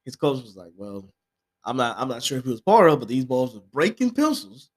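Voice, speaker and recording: Animated man, a father telling stories. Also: mid-range voice, a little fast. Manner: animated storyteller, acts out quotes. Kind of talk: casual chat.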